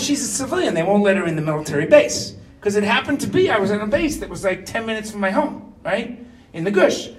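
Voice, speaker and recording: A man's voice: sits high, recorded from a distance. A man of fifty telling a personal story to listeners in a chatty way, often checking in with "right?". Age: 50s. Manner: chatty, keeps asking "right?". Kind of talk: personal anecdote told to listeners.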